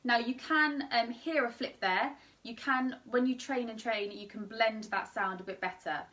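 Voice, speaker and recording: Brief: young female vocal coach, tired voice, bright tone, sits back from the mic. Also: fairly high pitch, normal speed, far from the mic. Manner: demonstrates sung vowels between explanations. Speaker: singing teacher. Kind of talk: online singing lesson.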